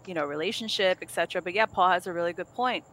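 Bright-voiced candid woman, casual chat. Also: fairly low pitch, quick pace, a little hiss or hum, low-quality recording. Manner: candid, animated storytelling with acted-out quotes. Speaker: podcast co-host.

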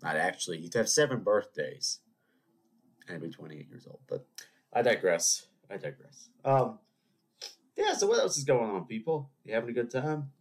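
A man with a medium-pitched, sing-song voice and a breathy edge hosts a solo podcast while sniffly from a cold. Speaking at a moderate pace, he chats in a rambling, digressive way and tosses joking asides to his listeners.

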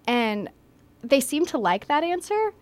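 A woman's voice: high-pitched, very animated, unhurried. A young woman guest, a college freshman, telling her story in an earnest, eager way. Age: young adult. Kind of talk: casual chat.

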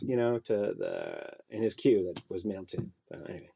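A man's voice: a little fast, gravelly, hardly any pauses, husky. A middle-aged man, an actor and puppeteer, telling a story as a guest in a casual interview and acting out the people in it. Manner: animated storyteller, acts out voices with big pitch jumps.

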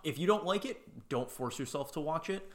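A man's voice: fairly high pitch, animated, moderate pace. A young adult man co-hosting a casual podcast, with a dry, joking and thoughtful way of talking. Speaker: podcast co-host.

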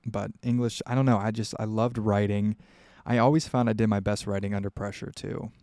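A man's voice: on the low side, level tone, brisk, mellow, dry recording, studio quality. A young man from Ohio hosting a casual solo podcast, answering listener questions in a candid, rambling way with lots of fillers. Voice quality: gravelly.

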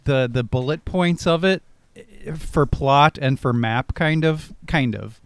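A man's voice: a little high, unhurried, clean tone, dry recording. A man co-hosting a podcast, joking wryly in casual movie chat. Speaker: podcast co-host.

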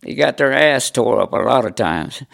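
Older man in his nineties from Indiana with a gravelly edge to his voice, at an ordinary pitch for a man, tells frank, salty stories in an interview. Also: animated, moderate pace, a bit bright. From Indiana, USA. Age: 90s. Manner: blunt, salty storytelling with repeated "I said". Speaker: veteran interviewee. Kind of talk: recounting life stories in an interview.

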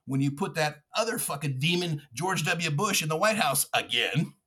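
A man's voice: on the high side, animated, normal speed, pushed and bright, husky. A man hosting a podcast, delivering a furious, profane political rant with mocking asides. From United States. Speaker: podcast host.

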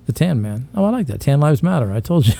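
A man's voice: medium pitch, sing-song, quick pace, vocal fry, dark tone. A man co-hosting a podcast, talking in crude, boastful, rambling banter and laughing at himself. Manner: boastful, rambling, self-mocking with frequent laughs. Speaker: podcast co-host. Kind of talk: casual crude comedic banter.

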